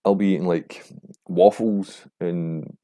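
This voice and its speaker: A young man hosting a podcast, rambling casually and swearing, getting animated when he mimics other people. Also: low-pitched, takes it slowly. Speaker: podcast host. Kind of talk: casual monologue.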